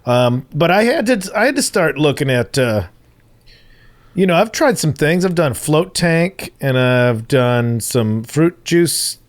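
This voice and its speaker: A man's voice: a little high, animated, slow pace. Man trading dry, teasing banter. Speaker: comedian and podcast co-host. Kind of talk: casual podcast chat.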